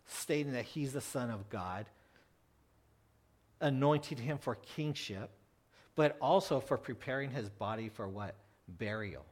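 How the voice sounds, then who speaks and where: A man preaching a conversational sermon, animated, asking his listeners questions and acting out the people in the story. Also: on the high side. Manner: animated, asks the congregation questions; acts out quoted voices, with frequent restarts.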